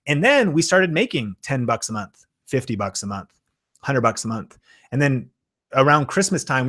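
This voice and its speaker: A man hosting a live-stream Q and A, talking with excitable enthusiasm and plenty of fillers. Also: fairly high pitch. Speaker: YouTube channel host.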